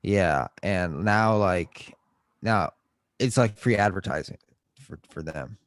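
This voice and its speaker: A man's voice: low voice, takes it slowly, no room sound. A young man in his twenties co-hosting a podcast, chatting casually and joking with loose, profane language. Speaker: podcast co-host. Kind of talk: casual chat.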